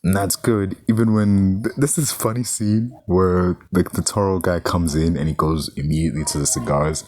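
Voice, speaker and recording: A man's voice: sits low, fairly even intonation, moderate pace, few pauses, a little mellow, dry recording, studio quality. A man giving a casual, rambling movie review, swearing freely and saying "like" a lot. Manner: rambling, profane, heavy use of "like".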